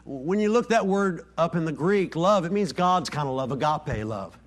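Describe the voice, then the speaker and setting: High-voiced preaching pastor. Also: male voice, animated, moderate pace. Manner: preaching, dropping to soft near-whispers on key lines; voices quoted dialogue with rising pitch. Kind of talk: sermon.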